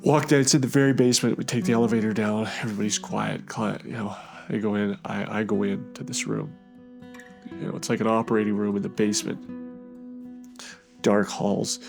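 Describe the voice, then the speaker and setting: A low, gravelly male voice recounts his own story as a personal testimony, talking in a halting, conversational way with plenty of fillers and restarts. A faint guitar plays softly underneath. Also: fairly even intonation. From Canada. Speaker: guest sharing his testimony.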